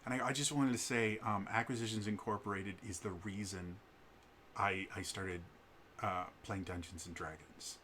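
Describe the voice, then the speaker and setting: A man's voice: fairly low pitch, steady tone, moderate pace, a bit bright, slight background noise. A man in his thirties telling a personal story in a casual, hesitant way, with frequent stammers and restarts. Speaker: vlogger.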